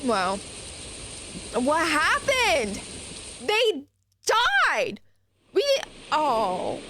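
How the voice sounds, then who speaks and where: A woman streamer giving a live gameplay reaction, excitable and swearing, with frequent laughs. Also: high voice, a little slow. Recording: game music behind.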